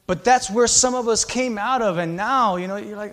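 A male pastor preaching a sermon with passion, swinging between loud exhortation and quiet, confiding asides. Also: sits high, normal speed, hardly any pauses.

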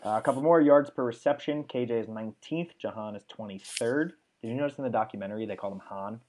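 A young man hosts a sports podcast, talking fast in a medium-pitched, slightly mellow voice. He's enthusiastic and casual, rattling off stats padded with plenty of fillers, and the audio has a slight hiss or hum.

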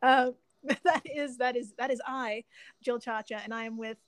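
Laughing, higher-voiced woman podcast host. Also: moderate pace, no room sound. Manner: laughs often, swears casually, animated storytelling. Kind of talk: casual podcast chat.

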